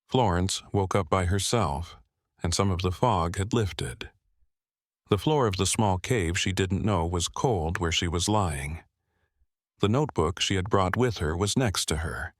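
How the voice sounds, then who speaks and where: Deep-voiced man narrating a story. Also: unhurried, dry recording, clean studio sound. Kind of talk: scripted narration.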